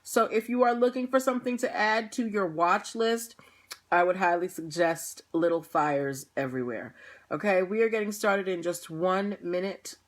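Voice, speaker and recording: Yawning and worn out, a young woman hosting a livestream chats casually with viewers ahead of the show and laughs often. She speaks at a normal speed in a fairly low voice.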